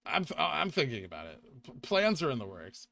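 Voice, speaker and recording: A young man hosting a casual livestream, chatting with viewers, reading out donations and making quick asides. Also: mid-range voice, huge pitch swings, vocal fry, pushed and bright. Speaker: livestream host.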